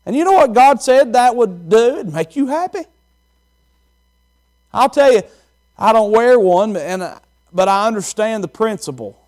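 A man's voice: sits high, lively intonation, measured pace, pauses often, a little mellow. A man preaching a sermon as pastor, repeating phrases and asking the congregation questions.

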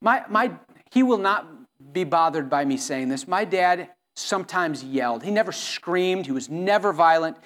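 A man's voice: high voice, animated, moderate pace, few pauses, a bit bright. A middle-aged man preaching a sermon as pastor, earnest and pleading, often restarting his sentences.

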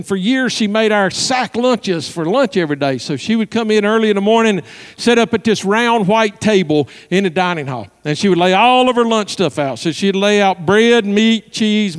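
Male pastor, high voice, storytelling sermon, long reverb of a large hall; lively, with quiet hushed moments. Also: clean tone. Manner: animated storyteller, drops to soft hushed tones.

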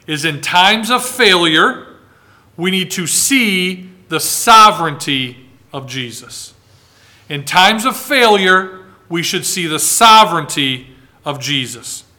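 A man from the United States preaching a sermon, reading scripture aloud and swinging between raised, dramatic lines and hushed, slow ones. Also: on the high side, expressive. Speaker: pastor.

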